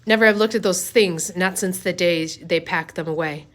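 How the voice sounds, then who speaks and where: A woman reading a story aloud, voicing a brave young girl who speaks softly and reassuringly. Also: lowish voice, moderate pace, lightly acted. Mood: gentle. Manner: soft, reassuring.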